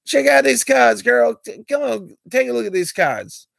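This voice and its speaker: A man voicing an excitable guy who keeps calling out to his girlfriend in a high, squealing voice. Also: normal speed, creaky, no room sound, heavily acted. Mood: excited.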